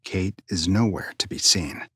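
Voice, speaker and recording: A man narrating a suspense story in a hushed, tense manner, often dropping near a whisper. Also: deep voice, a little slow, breathy edge, no room sound.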